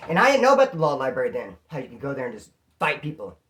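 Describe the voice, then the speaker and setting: A man recounting a jail story in loose, slang-heavy talk. He keeps the telling lively by putting on the voices of the people in it. His tone stays casual and conversational throughout. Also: mid-range voice, very fast. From California. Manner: slangy, animated, acts out quoted voices. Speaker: prison storyteller.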